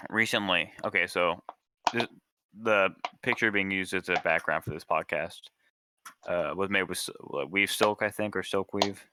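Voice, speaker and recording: A man chatting casually as a podcast guest over a voice call, pausing and restarting his sentences often. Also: low voice, noisy background. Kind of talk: casual chat.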